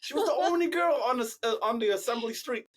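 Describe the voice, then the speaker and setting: A man's voice: very high-pitched, animated, fast, over a noisy crowd. A man in his thirties, a podcast co-host telling funny stories in casual chat, laughing often.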